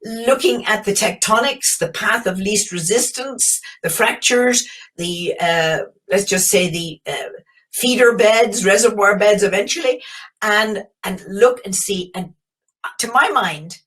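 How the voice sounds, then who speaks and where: A woman's voice: medium pitch, unhurried, fairly bright tone. An older woman from Belfast with a Northern Irish accent, a geologist giving a reflective, enthusiastic webinar talk with frequent fillers and restarts. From Belfast, Northern Ireland. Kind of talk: webinar storytelling presentation. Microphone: video call.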